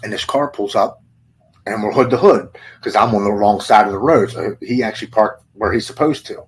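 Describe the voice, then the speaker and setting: A man in his forties, a podcast guest, giving an earnest personal testimony in halting, present-tense storytelling. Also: on the low side, breathy edge, poor audio.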